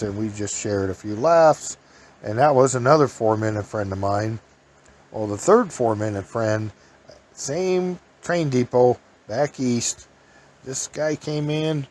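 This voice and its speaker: A man's voice: mid-range voice, a little mellow. Folksy rambling man telling stories. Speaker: podcast host. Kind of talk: casual storytelling.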